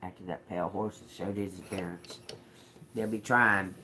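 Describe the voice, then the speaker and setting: A man's voice: low-pitched, fairly even intonation, normal speed, sharp tone, slight background noise. A man hosting a casual livestream tarot reading, talking straight to his viewers, laughing often and swearing as he snaps back at commenters. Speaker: tarot reader, livestream host.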